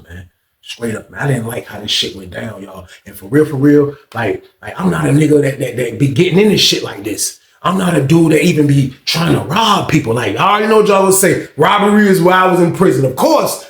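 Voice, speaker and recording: A man's voice: fairly high pitch, fast. A man telling a story in casual, slang-heavy talk, acting out the scenes with sound effects and swearing freely. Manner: animated, acts out scenes with sound effects and voices. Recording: roomy echo.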